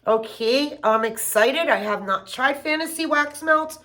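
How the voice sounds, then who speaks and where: A middle-aged woman chatting casually and gushing with excitement as she unboxes gifts for her vlog. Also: high-pitched, measured pace. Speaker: home fragrance vlogger.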